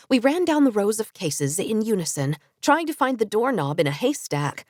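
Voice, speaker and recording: Expressive woman audiobook narrator. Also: medium pitch, normal speed, few pauses, dry recording, clean studio sound. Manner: expressive first-person storytelling.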